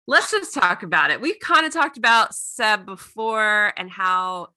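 Gushing woman podcast co-host, very bright tone. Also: mid-range voice, animated, no echo. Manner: gushing, quick recap with laughs. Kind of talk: casual podcast recap.

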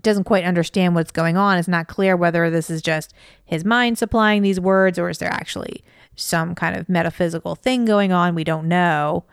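Discussing a book she's currently reading, this podcast co-host and mother of school-age kids sounds casual yet thoughtful and analytical, often saying "you know." Her lowish voice is smooth and creaky, with fairly even intonation and a moderate pace. It's a dry, studio-quality recording.

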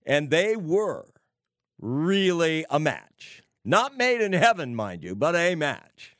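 A man preaching on prophecy, slow and emphatic, with sarcastic asides and wry laughs. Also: fairly high pitch, big pitch swings, fairly bright tone, dry recording, studio quality. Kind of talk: prophecy sermon.

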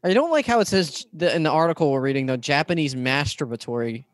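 A man co-hosting a casual podcast chat, throwing in quick jokes. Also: fairly high pitch, expressive, no echo. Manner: quick joking interjections. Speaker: podcast co-host.

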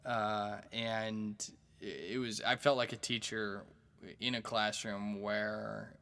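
A man hosts his own podcast and tells stand-up stories in a loose, rambling way. His voice sits low but has a bright, forceful ring. He swears freely and stumbles through restarts and fillers. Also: steady tone, slow pace. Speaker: stand-up comedian and podcast host. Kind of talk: casual storytelling monologue.

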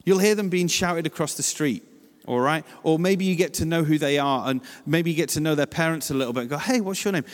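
A man from England giving a chatty, story-driven church talk, acting out the voices in his anecdotes and adding lively asides. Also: a little high, fairly quick, in a large hall.

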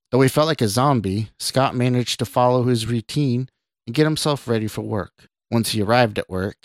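A man, a podcast host, reading his own short story aloud in an even, measured way. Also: lowish voice, dry recording.

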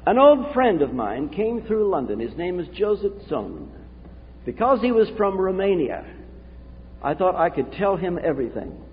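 A man preaching a sermon from the pulpit, earnest and confessional, with dramatic pauses. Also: high voice, wildly swooping pitch, slight background noise. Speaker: pastor. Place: church sanctuary. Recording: tinny, echoey hall recording.

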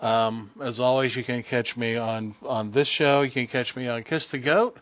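A man who writes, chatting casually as a podcast guest, relaxed with many fillers and self-mocking jokes. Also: medium pitch, moderate pace. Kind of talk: casual chat. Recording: dry, dull lo-fi sound.

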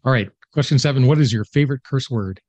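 A male podcast host asks his questions briskly, with quick short affirmations. His voice is husky and a little breathy, and it sounds dry and close to the mic. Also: mid-range voice, a little mellow, no room sound. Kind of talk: interview questions.

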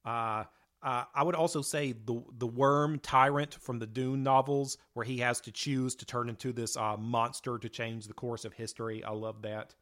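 A man's voice: medium pitch, steady tone, moderate pace, a bit bright. A man co-hosting a casual podcast, talking enthusiastically and rambling with fillers. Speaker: podcast co-host. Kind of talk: casual chat.

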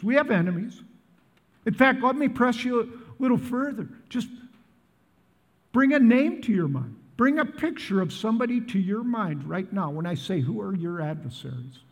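A man's voice: very high voice, big-room sound. A man in his seventies from the Midwest, preaching a sermon to a large church and asking the crowd questions again and again. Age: 70s. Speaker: pastor. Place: large church in northern Colorado.

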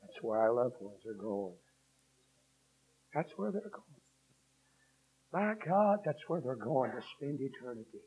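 Husky preacher, shouting cadences. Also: male voice, medium pitch, big pitch swings, unhurried, long pauses. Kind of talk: revival sermon. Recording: dull lo-fi sermon recording.

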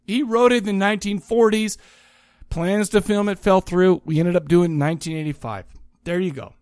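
Male podcast co-host, high animated voice, rambling joker, dry close mic. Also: fairly quick, clear, resonant tone, dry recording. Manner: rambling, joking, lively. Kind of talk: casual movie and music chat.

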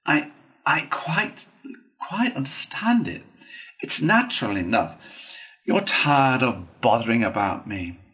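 A man reading a storybook, voicing a languid, self-pitying male toad in a feeble, drawn-out, plaintive manner. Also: medium pitch, big pitch swings, fairly bright tone.

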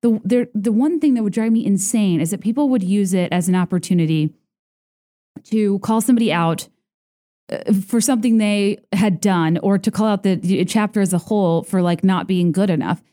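A woman's voice: normal speed, mellow. A woman hosting a podcast, telling stories in a chatty, sarcastic way, full of filler words and playful mockery. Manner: chatty and sarcastic, heavy on "like", mimics others in high voices. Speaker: podcast host. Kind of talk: casual podcast monologue.

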